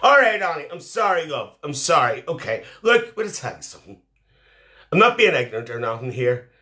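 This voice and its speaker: A man's voice: a little high, very animated, brisk, sharp tone. A man playing a chatty, cheeky middle-aged auntie woman, hosting a live stream on a phone, teasing and mothering the viewers as he reads their comments.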